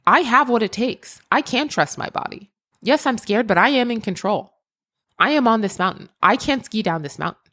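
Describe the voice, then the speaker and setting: A woman talks straight to her listeners in a motivational podcast monologue. Her voice is lively and rises and falls widely. She leans on repetition to drive each point home. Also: fairly high pitch, normal speed. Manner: emphatic, repeats phrases, addresses listener directly. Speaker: podcast host and creativity mentor.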